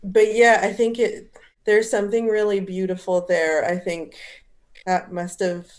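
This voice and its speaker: A woman's voice: medium pitch, flat delivery, measured pace. A woman co-hosting a casual book discussion, speaking in a thoughtful, earnest way. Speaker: podcast co-host.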